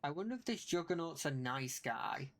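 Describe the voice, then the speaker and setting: A young adult streamer narrates live gameplay in a mid-pitched voice, muttering to themselves and rattling off the same spell call again and again. Nearly every sentence tilts upward at the end as if it were a question. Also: animated. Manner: talks to self, repeats spell calls rapidly. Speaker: game streamer.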